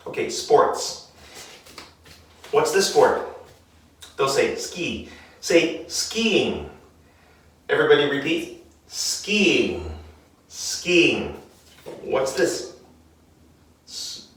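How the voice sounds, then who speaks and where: A male English teacher walks through a classroom lesson, drawing out each word so young learners can repeat it. He speaks at an unhurried, deliberate pace. The sound is very echoey and he is heard from some distance away from the mic. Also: medium pitch. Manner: slow, clear, drawn-out drilling of words.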